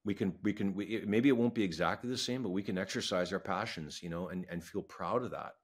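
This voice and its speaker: A man from Manitoba talks with deep, low-pitched earnestness in an interview. His words tumble out quickly and he repeats himself to drive home how strongly he feels. Emotion sits close to the surface as he speaks. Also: husky. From Manitoba, Canada. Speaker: wildlife federation scientific advisor. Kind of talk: passionate interview talk.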